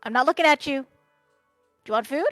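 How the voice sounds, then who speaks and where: A woman's voice: high voice, a little fast, fairly bright tone, dry recording, soft background music. A woman playing a tabletop game, chatty and earnest as she speaks in character. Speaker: player. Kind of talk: casual tabletop play.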